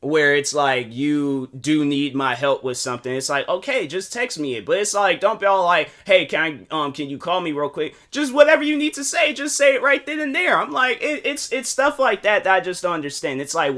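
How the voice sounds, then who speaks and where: A man's voice: a little high, a bit bright. A young man hosting a solo podcast, rambling casually with slang, lots of fillers and restarts, and acting out both sides of phone calls. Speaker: podcast host.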